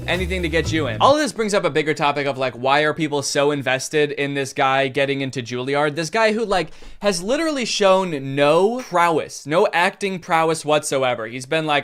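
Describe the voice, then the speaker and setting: A man's voice: fairly high pitch, animated, brisk, few pauses, fairly bright tone, faint music behind. A young man giving comedic internet commentary in a sarcastic way, often jumping into mocking voices. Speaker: commentary YouTuber.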